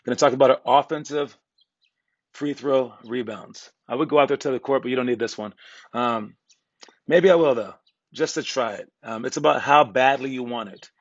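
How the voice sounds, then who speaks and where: A man's voice: medium pitch, moderate pace, no echo, lo-fi sound. A young man coaching basketball, telling a motivational story in a rambling, casual way with many fillers and restarts. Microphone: earbud headset mic.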